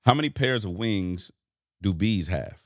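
A man hosting a podcast, casual and playful, teasing his guest with loud laughs. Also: on the low side, lively intonation, measured pace, no echo, clean studio sound. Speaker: podcast host. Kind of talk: casual interview chat.

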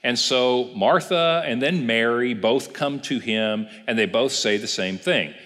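A man's voice: medium pitch, measured pace, fairly bright tone. A man pastor giving a casual Bible class, telling the story and asking the class questions. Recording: reverberant church hall.

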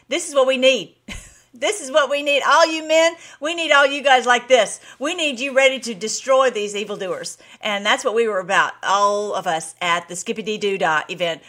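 A woman's voice: medium pitch, pushed and bright. A woman hosting her own video blog, chatting casually and bubbly with her viewers and laughing often. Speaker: vlog host.

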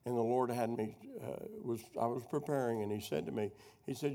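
A man's voice: mid-range voice, fairly even intonation, a little fast, mellow. A middle-aged man teaching a sermon with personal stories, a rambling storyteller who loses his thread and doubles back. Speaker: preacher teaching a prophecy workshop.

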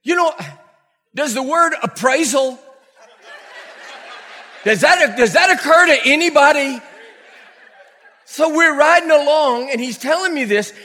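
Animated high-voiced male preacher in a hall. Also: unhurried, long pauses. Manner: animated storytelling with acted quotes and laughter. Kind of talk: sermon. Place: church hall before a congregation.

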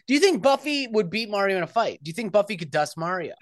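A woman's voice: medium pitch, very animated, fast, no room sound, studio quality. A woman co-hosting a podcast, chatting casually, joking, swearing freely and laughing often. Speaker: podcast co-host. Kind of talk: casual chat.

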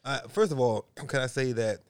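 A man's voice: medium pitch, normal speed, smooth, no echo, clean studio sound. A man co-hosting a casual podcast chat, laughing often and asking playful questions. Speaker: podcast co-host.

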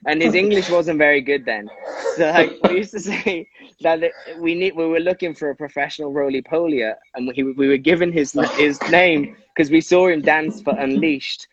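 A man who dances professionally, chatting on a podcast and telling animated stories through frequent laughter. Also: fairly high pitch, moderate pace. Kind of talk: casual podcast chat. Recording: dull lo-fi sound.

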